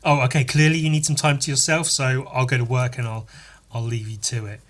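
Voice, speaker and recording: A man's voice: mid-range voice, flat delivery, brisk, lightly acted. A man voicing a kind, puzzled female partner, talking mildly and hesitantly.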